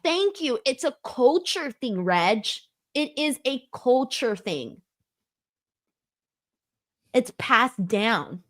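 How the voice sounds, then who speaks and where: A young woman with a fairly high voice, co-hosting a casual livestream. She reads viewer comments aloud and keeps laughing and joking at her own expense. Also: sing-song, extremely slow, pauses often, fairly bright tone. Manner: laughs often, jokey and self-deprecating. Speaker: co-host of a wrestling review show.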